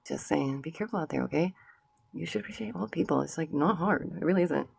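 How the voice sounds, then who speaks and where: A woman's voice: low voice, fast, creaky, darkish tone, husky, dry recording. A woman vlogger giving sassy casual commentary straight to her viewers, slipping into mocking voices.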